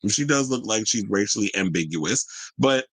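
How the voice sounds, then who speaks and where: A man's voice: on the low side, lively intonation, moderate pace, fairly bright tone, husky, no room sound, low-quality recording. A young adult man hosting an entertainment news show, giving sassy, chatty pop-culture commentary with slang asides.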